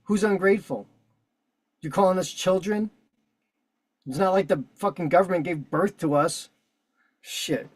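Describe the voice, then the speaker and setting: With a high-pitched voice, a man hosts an online meeting via video call, unhurried and leaving long pauses. As he fills out a form he walks everyone through it casually, swearing and sounding combative.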